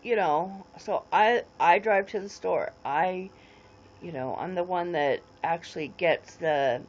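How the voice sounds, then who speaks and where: A woman's voice: lowish voice, measured pace, dull audio, a little hiss or hum. A woman in her forties rambling casually on a livestream, greeting viewers and answering their comments as they come in. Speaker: livestream host.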